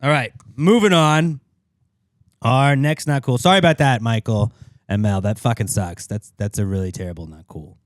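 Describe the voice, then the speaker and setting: A man's voice: mid-range voice, moderate pace, dry recording, studio quality. A man co-hosting a podcast, joking around in casual banter and swearing freely. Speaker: podcast co-host.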